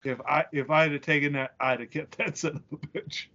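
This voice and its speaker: A man's voice: fairly high pitch, fairly even intonation, brisk, sharp tone, highs cut off. A man co-hosting a podcast, telling stories casually and swearing as he goes. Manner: casual, profane storytelling. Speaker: podcast co-host. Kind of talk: crude comedic podcast banter.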